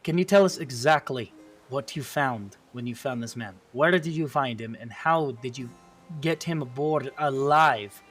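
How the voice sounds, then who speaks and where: A man's voice: mid-range voice, normal speed, fairly bright tone, soft background music, natural voice. A man voicing a weary, blunt male ruler who questions and sighs. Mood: questioning. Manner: blunt, sighing.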